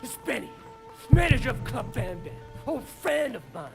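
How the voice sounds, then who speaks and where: A man's voice: very high voice, big pitch swings, moderate pace, vocal fry, heavily acted. An actor playing an urgent, worried young male gang member in a game. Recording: game audio under loud music, distant.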